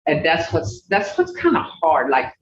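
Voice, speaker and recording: Folksy teacher drilling words over a zoom class, slow and repeating, far from the mic in an echoey room. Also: medium pitch, wildly swooping pitch. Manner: repeats native words slowly to drill sounds; folksy, plain-spoken, addresses class as "y'all" and "people". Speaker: language teacher. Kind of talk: online language class, pronunciation drill. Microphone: video call. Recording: distant, roomy, dull video-call audio with faint hiss.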